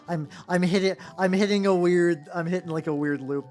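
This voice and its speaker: A man's voice: high-pitched, brisk. A man streaming while painting miniatures, chatting casually and stumbling over words as he corrects himself. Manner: rambling, stumbling self-corrections. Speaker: VTuber streamer. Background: soft background music.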